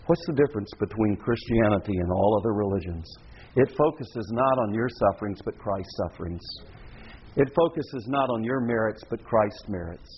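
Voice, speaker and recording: A man preaching a sermon as pastor, dramatic, acting out pleading worshippers in a high, rising voice. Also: normal speed, a little hiss or hum. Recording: dull lo-fi recording.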